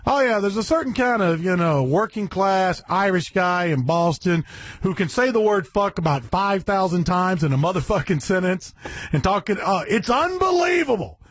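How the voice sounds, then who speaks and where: A man's voice: high voice, sing-song, moderate pace, dry recording. Brash, profane man ranting on the radio. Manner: brash, profane, shouting bursts. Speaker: satellite radio host.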